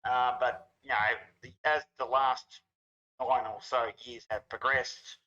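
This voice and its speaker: A man's voice: mid-range voice, level tone, unhurried, sharp tone. A man co-hosting a casual chat, blunt, profane and exasperated. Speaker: co-host. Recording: dull lo-fi sound.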